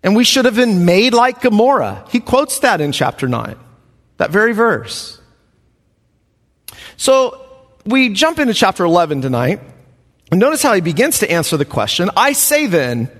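A man preaching a Bible study sermon, emphatic and animated, chuckling between points. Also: high-pitched. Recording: long hall reverb.

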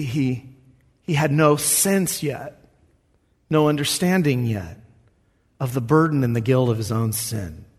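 Husky, animated preacher in a hall. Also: male voice, medium pitch. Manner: earnest, conversational preaching with dramatic quoted voices. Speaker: pastor. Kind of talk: sermon.

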